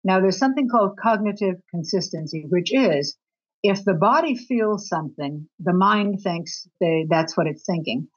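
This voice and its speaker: A woman answering interview questions as a guest author on attraction, talking expressively with her pitch jumping up for emphasis. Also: expressive, normal speed. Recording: dull lo-fi recording.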